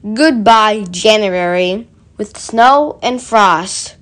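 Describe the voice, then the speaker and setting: A woman voicing a gentle, thoughtful male bear in a storybook reading, speaking calmly. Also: mid-range voice, extremely slow. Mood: musing.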